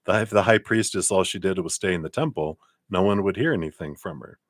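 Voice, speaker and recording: A man's voice: low voice, a little fast, no echo, clean studio sound. A man giving a casual live tarot reading, chatty and encouraging, thinking aloud as he goes. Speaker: tarot card reader.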